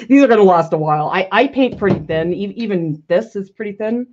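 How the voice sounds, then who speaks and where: A woman's voice: medium pitch, lively intonation, fairly quick, a little mellow. A woman art professor painting live, thinking aloud casually and critiquing her own work, laughing often as she answers viewer questions. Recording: slightly dull lo-fi sound.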